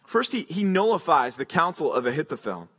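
Bright-voiced pastor preaching. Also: male voice, on the high side, very animated, a little fast, husky. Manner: storytelling, explains text in detail, frequent restarts. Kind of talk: expository sermon.

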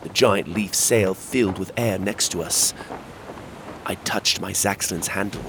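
A man narrating a children's fantasy story in the first person, with expressive storytelling. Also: low voice, measured pace, noisy background.

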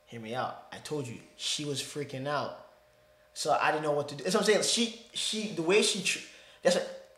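Animated man telling a story, slightly high voice. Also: moderate pace, roomy sound. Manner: animated, rambling, peppered with slang like "bro". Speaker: podcast host. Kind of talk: casual storytelling chat.

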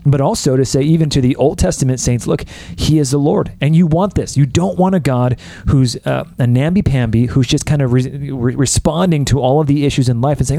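An American man co-hosting a casual Bible discussion, emphatic and animated, with joking asides. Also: mid-range voice, brisk, gravelly, hardly any pauses, no room sound. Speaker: podcast co-host.

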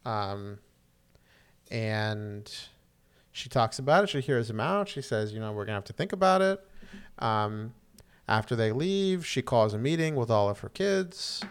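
A man's voice: mid-range voice, smooth. A man chatting casually as a podcast co-host, recapping a TV episode with lots of ums and restarts. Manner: rambling, many "um"s and restarts, acts out quotes.

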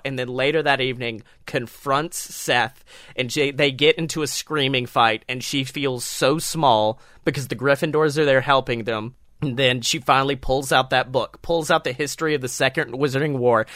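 Dude with a bright voice telling a long story, lots of "like," dry close mic. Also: male voice, mid-range voice, dry recording. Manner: rambling, animated storytelling with lots of "like" and swearing. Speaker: podcast co-host. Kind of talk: casual comedic retelling.

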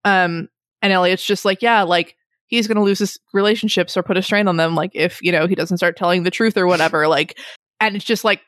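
A woman's voice: mid-range voice, a bit bright, dry recording, studio quality. A woman in casual chat about a book, rambling and laughing often as she retells scenes. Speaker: book podcast co-host.

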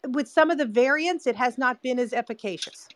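A woman on a debate panel who makes measured points and insists on finishing them. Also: high voice, a loud crowd. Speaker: panel guest.

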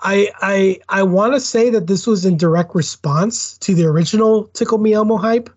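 A man co-hosting a podcast, reacting casually and explaining things in a relaxed way. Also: high-pitched, normal speed, husky, no room sound, lo-fi sound. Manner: reactive, says dude. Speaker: podcast co-host. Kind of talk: casual chat.

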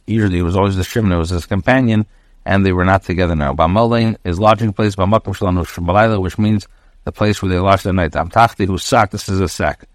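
A man, a rabbi, giving a daily class, reading Hebrew phrases aloud and translating and explaining them line by line with frequent pauses. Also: sits low, no room sound, studio quality.

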